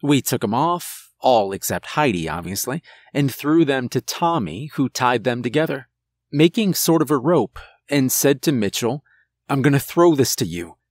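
A man narrating a first-person horror story in a measured, tense way, over faint music. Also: mid-range voice, animated, no room sound.

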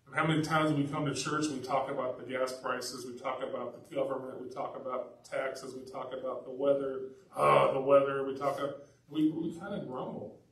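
Animated preacher in an echoey church. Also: male voice, mid-range voice, normal speed, far from the mic. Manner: conversational, animated storytelling. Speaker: pastor. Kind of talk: sermon. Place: church sanctuary.

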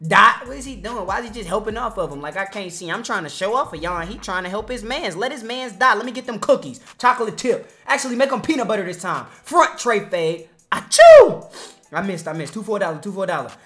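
A young man doing casual, slangy commentary over his basketball video game, trash-talking and sometimes shouting or singing. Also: high voice, fast, few pauses, faint music behind. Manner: hyped slangy trash talk, sings and shouts over play. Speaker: gaming YouTuber.

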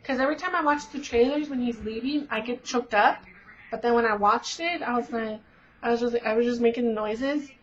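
Teen girl vlogger, chatty and gushing, higher voice, muffled home recording. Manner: gushing, rambling, many fillers. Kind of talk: casual chat. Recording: dull lo-fi webcam audio.

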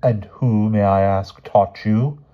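A man voicing a stern female schoolteacher who questions slowly and firmly. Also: on the low side, fairly even intonation, dull audio. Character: stern schoolteacher woman, strict but gentle.

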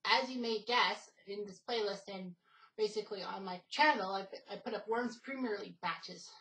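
A woman talks casually on her own gaming channel, wandering from point to point. She often stops on "um" and restarts her sentences. Her voice sits at an ordinary pitch for a woman. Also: normal speed, fairly bright tone, poor audio. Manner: rambling, many fillers and restarts. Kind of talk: casual gaming video talk.

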